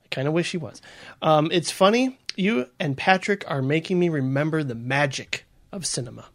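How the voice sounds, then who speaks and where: A man co-hosting a relaxed podcast, his voice sitting fairly high for a man. He reads listener mail aloud, breaking off into laughing asides. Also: moderate pace. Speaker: podcast co-host. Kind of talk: casual chat.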